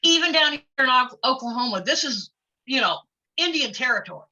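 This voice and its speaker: Blunt, bright-voiced woman, lo-fi recording. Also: high-pitched, expressive, a little fast. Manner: outspoken and blunt, laughs easily. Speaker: guest, former wrestler. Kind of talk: casual interview chat. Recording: lo-fi audio.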